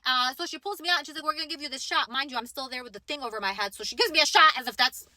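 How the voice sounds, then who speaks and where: Fast, bright-voiced woman telling a story. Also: sits high, no echo. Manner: animated, dramatic retelling with quoted inner voice. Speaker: vlogger. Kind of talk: casual storytelling to camera.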